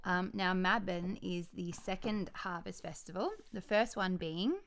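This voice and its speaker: An Australian woman hosts a relaxed podcast from home, bubbly and chatty. She talks in an easy, friendly flow and breaks into laughter often. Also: on the low side, measured pace. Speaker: podcast host. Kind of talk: casual chat.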